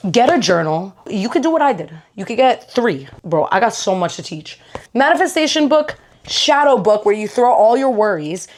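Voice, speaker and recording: A young woman vlogger talking casually to camera, giving blunt, slangy self-help advice and laughing at herself. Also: fairly low pitch. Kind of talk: casual motivational talk to camera.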